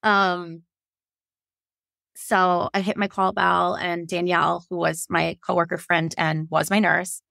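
Woman, 30s, from Virginia, podcast guest; frank, animated storyteller who quotes herself; dry close recording. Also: lowish voice, slow, vocal fry, dry recording. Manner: animated, quotes herself and others, laughs often; frank, swears casually. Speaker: podcast guest telling her birth story. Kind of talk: casual storytelling.

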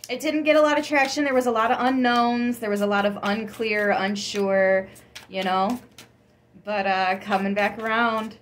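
A woman giving a casual tarot reading, chatty and excitable, with frequent gasps and laughs. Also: mid-range voice, moderate pace. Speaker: tarot reader.

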